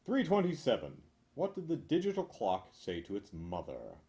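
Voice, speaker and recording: A man reading a list of corny jokes aloud in a deadpan way, chuckling now and then and making dry asides. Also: mid-range voice, normal speed. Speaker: joke reader.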